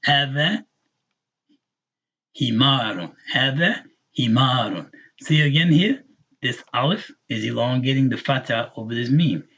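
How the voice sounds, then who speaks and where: A man teaching a live online language lesson, patiently repeating words slowly for learners. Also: mid-range voice, lively intonation, a bit bright, slightly rough, lo-fi sound. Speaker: Arabic teacher.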